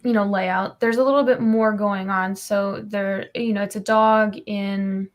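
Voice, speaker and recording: A woman's voice: mid-range voice, steady tone, a little slow. A woman comic artist talking casually on a livestream, explaining her process with many ums and you-knows.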